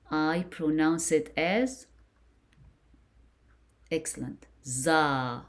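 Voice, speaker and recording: A woman teacher with a low voice who speaks very slowly and deliberately. She runs a beginner lesson in call-and-repeat drills and praises each answer patiently and warmly.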